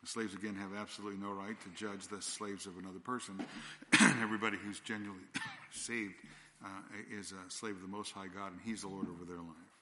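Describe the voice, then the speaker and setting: Earnest low-voiced man preaching in a reverberant hall. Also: flat delivery, fairly quick, bright, forceful tone, slight background noise. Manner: earnest, repetitive, with frequent restarts and "again". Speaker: pastor. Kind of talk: sermon. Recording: long church-hall reverb.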